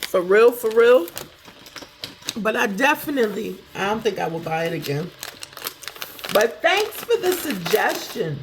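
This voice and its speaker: A woman casually chatting through a snack taste test, thinking out loud as she goes. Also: medium pitch, a little slow, pauses often, noisy background. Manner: talks to herself while tasting, animated, chatty. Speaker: food review vlogger.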